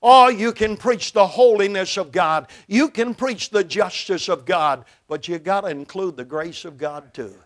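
An older man from Brooklyn, New York, preaching a sermon from a church pulpit with emphatic, dramatic swings between loud and soft. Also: sits high, measured pace, few pauses.

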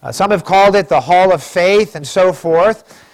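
A man preaching a sermon as pastor, reading scripture aloud slowly and with emphasis. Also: high-pitched.

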